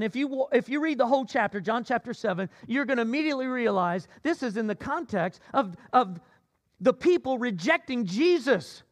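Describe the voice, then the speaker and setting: A man preaching a sermon as pastor, swinging between loud emphatic cries and low asides.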